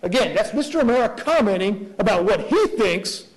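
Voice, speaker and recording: Man, high voice, prosecutor, courtroom argument, earnest, rhetorical. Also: lively intonation, moderate pace, poor audio. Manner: earnest, rhetorical questions, frequent restarts.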